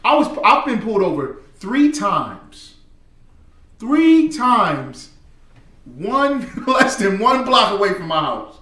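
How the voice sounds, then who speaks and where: Emphatic male host, lively high delivery, preachy commentary, echoey distant sound. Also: takes it slowly. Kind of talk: commentary on news clips. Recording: echoey room, distant mic.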